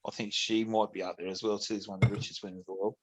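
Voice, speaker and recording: A man's voice: fairly low pitch, level tone, very fast, breathy edge. A man from Australia with an Australian accent, a guest in a casual podcast chat, laid-back and full of slang. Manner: laid-back, slangy, says mate a lot. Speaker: visiting guest.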